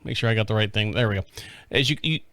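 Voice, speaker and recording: A man hosting a podcast, commenting on news clips in a joking, animated way. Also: lowish voice, fast, no room sound. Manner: joking, animated, laughs often. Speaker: podcast host.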